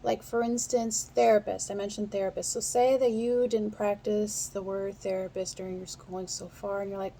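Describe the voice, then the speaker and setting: A woman's voice: medium pitch, little pitch movement, creaky, dark tone, slight background noise. Chatty woman teaching steno practice. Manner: chatty, quick, talks to the viewer directly. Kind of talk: casual instructional talk.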